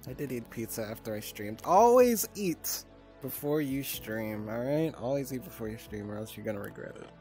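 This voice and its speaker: A man's voice: fairly low pitch, fairly even intonation, fast, few pauses, warm tone, soft background music. A man livestreaming, chatting casually with his viewers, swearing often, laughing easily and getting flustered and teasing in turn. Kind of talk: casual stream chat with viewers.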